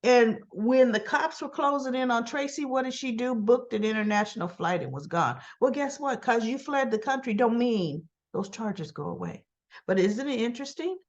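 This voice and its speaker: In a lo-fi recording, a woman with a fairly high voice gives a casual, sassy soap opera recap. She fires off rhetorical and tag questions and talks straight to the characters.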